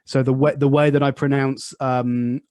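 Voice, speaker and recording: A man's voice: mid-range voice, flat delivery, normal speed, a little mellow, clear, resonant tone. A man from Southwest England with a West Country accent, hosting a podcast interview. He talks in a loose, hesitant way, full of restarts and little laughs. The sound is dry, with no room echo. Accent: West Country English. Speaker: podcast host. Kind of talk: casual conversational interview.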